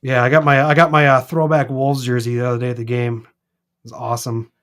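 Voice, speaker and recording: A man's voice: medium pitch, fairly quick. Chatty man with a Minnesota accent. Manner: chatty, rambling, animated. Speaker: live stream co-host. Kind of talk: casual chat. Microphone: streaming mic.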